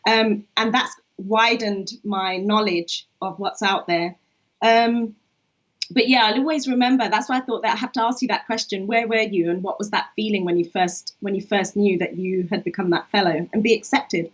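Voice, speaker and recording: A woman's voice: mid-range voice, fairly even intonation, normal speed. A woman poet, talking in a reflective, chatty way with many fillers over a video call. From England. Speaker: poet and co-host. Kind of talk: casual online conversation. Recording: dull lo-fi online stream.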